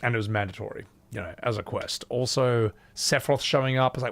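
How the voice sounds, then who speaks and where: Male streamer, gravelly, casual and loose-tongued. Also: medium pitch, fast, fairly bright tone. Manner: chatty, loose, swears casually. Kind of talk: casual live-stream chat.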